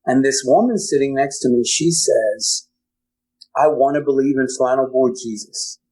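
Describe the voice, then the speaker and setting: A man with a husky, slightly rough voice, speaking at a middle pitch. He tells a deeply personal story as a guest on a talk show, stumbling and restarting his words with feeling. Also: darkish tone, rough recording. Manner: emotional, halting, repeats words. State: choked up. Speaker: podcast guest.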